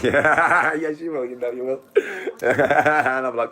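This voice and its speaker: A man's voice: mid-range voice, slow, bright, forceful tone. A middle-aged man chatting on a live stream, boastful, crude and rambling, laughing often. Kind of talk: boastful casual chat with friends.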